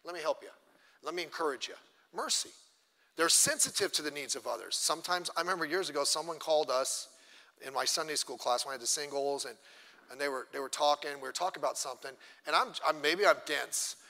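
A man's voice: a little high, quick pace, vocal fry, pushed and bright. A middle-aged man, a pastor, teaching a church class in a chatty, self-deprecating way and acting out little quotes. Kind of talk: conversational sermon teaching. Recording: long church hall reverb.

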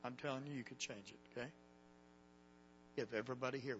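Earnest, bright-voiced male preacher. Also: mid-range voice, fairly even intonation, fast, long pauses, highs cut off, a little hiss or hum. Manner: earnest and emotional, quoting others. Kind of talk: sermon storytelling to young people.

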